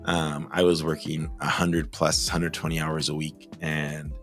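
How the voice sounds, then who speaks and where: A man who runs a small business tells his own story to camera in an earnest, heartfelt way, pausing often with fillers and sometimes close to tears. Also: a bass voice, level tone, a bit bright, faint music behind. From Southern California. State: emotional, close to tears at times.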